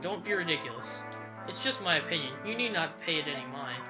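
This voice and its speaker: A let's play commentator voicing a calm female knight who encourages a young leader, with game music playing behind. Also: medium pitch, fairly quick, dull audio, close to an everyday voice. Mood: encouraging. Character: calm advising female knight, gentle mentor.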